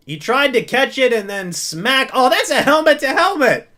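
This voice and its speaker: A man's voice: very high-pitched, big pitch swings, normal speed, hardly any pauses, bright, forceful tone. A man calling a football game live as a fan, narrating each play and then pleading with the referees and groaning at the calls.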